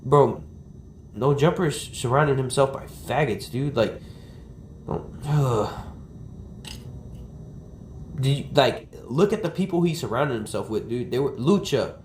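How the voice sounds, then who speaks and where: A man's voice: medium pitch, expressive, measured pace, pauses often, a little mellow, a little hiss or hum. A man livestreaming outdoors, ranting in a rambling, agitated and profane way. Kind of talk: ranting IRL stream talk. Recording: roomy, from the mic, faint ambience.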